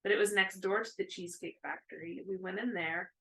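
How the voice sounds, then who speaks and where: A woman's voice: medium pitch, a little fast, fairly bright tone, low-quality recording. A woman in her thirties, co-hosting a casual chat about cross-stitching, rambling with many fillers.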